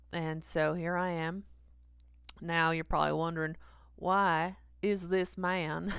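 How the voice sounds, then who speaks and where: A woman's voice: fairly low pitch, creaky, fairly bright tone, clean tone, no echo, studio quality, exaggerated voice. A woman playing a sleazy, confessional 48-year-old male pastor who rambles hesitantly, with lots of fillers, and chuckles at himself. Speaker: comedic character sermon. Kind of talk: stream-of-consciousness comic sermon.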